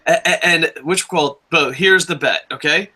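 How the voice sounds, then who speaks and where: A man in his thirties hosting a casual wrestling review, excitable and profane, breaking into jokey shouts. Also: on the high side, normal speed. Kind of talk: casual podcast chat.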